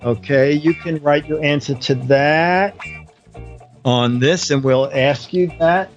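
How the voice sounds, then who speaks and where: Brief: fairly high-voiced male host, chatty and giggly, dull lo-fi stream sound with faint music behind. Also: slow. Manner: chatty, laughs often, reads game show questions. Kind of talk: casual live-stream chat.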